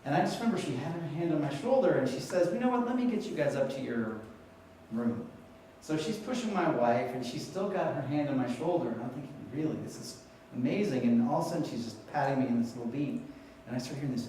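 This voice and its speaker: A man's voice: mid-range voice, quick pace, very echoey, far from the mic, slight background noise, rough recording. A middle-aged man giving a storytelling talk on patient experience to an audience, acting out the voices of people in his stories. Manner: animated storyteller, acts out quoted voices. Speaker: keynote speaker on patient experience. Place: conference hall before an audience.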